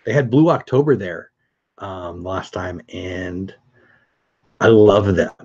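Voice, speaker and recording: A man's voice: deep voice, expressive, takes it slowly, darkish tone, slightly rough. Middle-aged guy chatting on a live stream, upbeat, reading comments, kinda muffled mic. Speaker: vlogger hosting a live stream.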